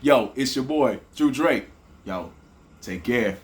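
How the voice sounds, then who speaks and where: A young man with a Southern accent, hosting a lively hip hop writing lesson and talking straight to his students. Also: medium pitch, slow pace, heavy background noise. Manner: animated, rhythmic, addresses viewers directly. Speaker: teacher, host of the show.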